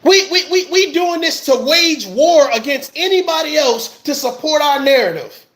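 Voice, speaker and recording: A man's voice: very high voice, animated, moderate pace, a bit bright. A man, an army veteran, giving heated livestream commentary, ranting with passion and repeating his phrases.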